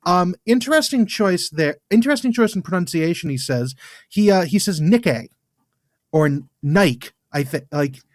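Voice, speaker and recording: A man's voice: high voice, expressive, no room sound. Blunt English man, dry close sound. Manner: blunt, swears freely, quick to dismiss. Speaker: podcast co-host. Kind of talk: casual chat.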